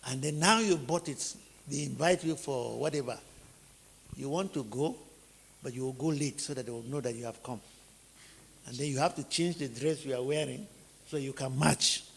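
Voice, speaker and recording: A man's voice: mid-range voice, normal speed, vocal fry, husky, long reverb tail. A man with a Nigerian accent, teaching in sermon style and driving his points home with rhetorical questions and repeated phrases. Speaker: teacher preaching on family life.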